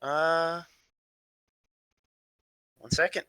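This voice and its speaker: A young man running a tabletop game with a very bright, forward voice. He talks in a relaxed, self-deprecating way, thinking aloud as he improvises. The recording is dry and close, with no room sound. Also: fairly high pitch, drawn-out words, smooth, no room sound, rough recording. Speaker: game master.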